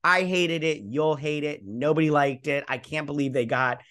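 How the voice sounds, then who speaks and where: A man's voice: fairly high pitch, moderate pace, fairly bright tone, clean tone. Blunt, exasperated man ranting. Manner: blunt, exasperated, rambling with many fillers and restarts. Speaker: host. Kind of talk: casual movie review.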